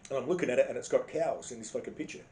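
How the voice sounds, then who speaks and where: A man's voice: mid-range voice, very fast, warm tone, slight background noise. An Australian man telling a profane, sarcastic comic story, swearing constantly in a blunt way. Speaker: comedic storyteller. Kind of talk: profane comedic anecdote. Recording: roomy echo.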